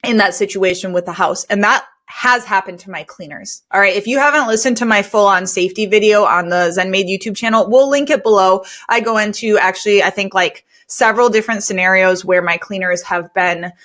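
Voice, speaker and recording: A woman's voice: mid-range voice, brisk, few pauses, fairly bright tone. A woman hosting a podcast for cleaning business owners. She talks in an earnest, conversational way and uses a lot of fillers. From United States. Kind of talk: candid storytelling podcast talk.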